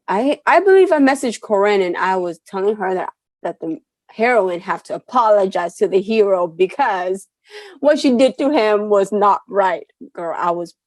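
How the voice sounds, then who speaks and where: A woman's voice: mid-range voice, darkish tone, no echo. A woman co-hosting a book podcast, chatting casually and often murmuring agreement. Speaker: podcast co-host. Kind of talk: casual book review chat.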